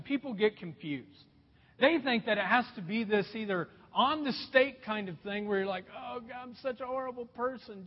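A pastor preaching a sermon, emphatic, repeating key phrases and dropping his voice low at points. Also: husky. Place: church auditorium. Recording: dull, long-reverb hall recording.

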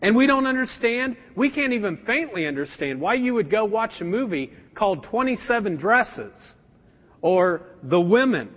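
A man in his thirties preaching a sermon as a pastor, animated and joking with his congregation. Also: sits high, moderate pace. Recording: dull sound with long hall reverb.

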